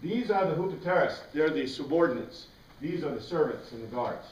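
A man leads a relaxed Bible study, wandering off into asides and then circling back to the passage. His voice sits a little high for a man. He is picked up from some distance in an echoey room. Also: moderate pace, a little hiss or hum. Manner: rambling, conversational, with many asides and restarts. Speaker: Bible class teacher. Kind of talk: informal Bible study lesson. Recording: roomy sound, mic at a distance.

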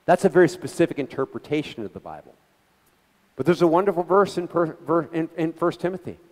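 A middle-aged man giving an animated, conversational talk to a gathering, telling stories with quoted voices and frequent restarts. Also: on the high side, a little fast, in a large hall. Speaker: guest speaker. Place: meeting hall.

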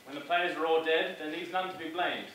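Noble duke, played by a man; declamatory verse, distant stage sound with clear room noise. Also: a little high, a little fast, fairly bright tone, natural voice. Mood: commanding. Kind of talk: stage play performance. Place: theatre stage. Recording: very echoey stage sound from far off.

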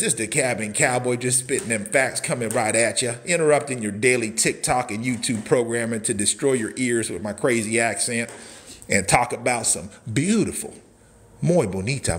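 A man in his forties giving a casual walkthrough of a prefab cabin, folksy and hyped up, shouting catchphrases and whooping between points. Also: medium pitch, slight background noise. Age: 40s. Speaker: cabin seller and social media host.

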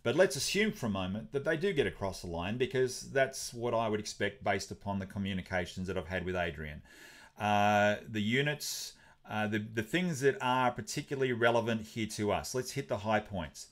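A man's voice: fairly low pitch, expressive, normal speed. A man hosting a crypto update video, talking casually with many fillers and restarts. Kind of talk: casual explainer commentary.

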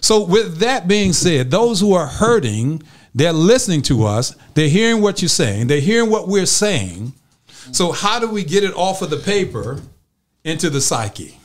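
A man's voice: high-pitched, very animated, a little slow. A man hosting an interview show, asking probing questions and encouraging his guest. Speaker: host. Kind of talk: interview conversation.

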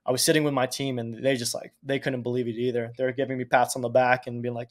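A man in his thirties from Canada, a podcast guest telling stories in casual chat, animated and cursing freely. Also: medium pitch, fast, hardly any pauses. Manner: animated, swears casually, acts out quotes. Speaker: podcast guest, Olympic speed skater. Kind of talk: casual storytelling.

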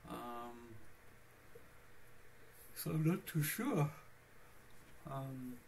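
In this casual screencast vlog, a Linux vlogger rambles chattily about his computer setup, speaking straight to his viewers. His mid-range voice is animated but extremely slow, with vocal fry and a darkish tone. A little hiss or hum sits under the recording.

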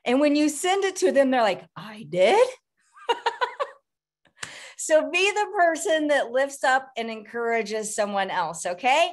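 A woman's voice: sits high, animated, normal speed, hardly any pauses. A woman coach hosting a group call, talking encouragingly to her team. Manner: encouraging, laughs easily. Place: video or conference call.

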